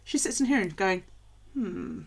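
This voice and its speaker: A chatty woman talking casually on a home live stream, with a gravelly edge to her voice. Her pitch jumps around a lot as she talks. She swears freely and laughs often. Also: animated, unhurried. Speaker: craft streamer. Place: home at night.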